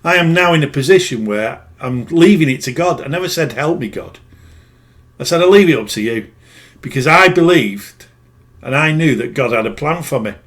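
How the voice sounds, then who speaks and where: A man's voice: fairly high pitch, animated, a little fast, a bit bright. A middle-aged man who works as a spiritual healer, telling a personal story in a rambling, plain-spoken way that often corrects itself. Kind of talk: casual storytelling monologue.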